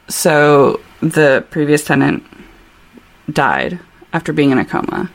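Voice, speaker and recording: A chatty woman co-hosting a casual book podcast, trading quick asides and giggles. Her voice sits a little low for a woman. She keeps an easy, loose conversational flow. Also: very animated. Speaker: podcast co-host. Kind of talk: casual book-club chat with read-aloud passages.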